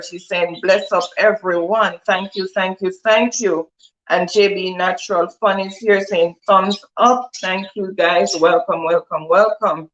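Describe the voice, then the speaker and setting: A woman's voice: medium pitch, muffled recording. A woman co-hosting a livestream, reading viewer comments aloud and greeting them one by one. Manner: reads out viewer comments, warm greetings, laughs easily. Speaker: livestream co-host reading chat. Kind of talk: casual livestream chat.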